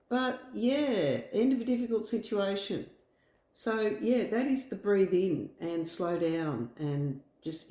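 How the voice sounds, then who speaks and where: A woman's voice: lowish voice, warm tone, reverberant. A woman with an Australian accent giving a casual, reassuring tarot reading from home, rambling with fillers. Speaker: tarot reader. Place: home room.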